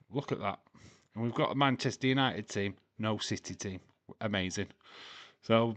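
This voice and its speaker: A man's voice: medium pitch, a bit bright, no room sound. A man hosting a casual live watch-along stream, chatting, reading out scores and lineups, swearing freely and laughing often.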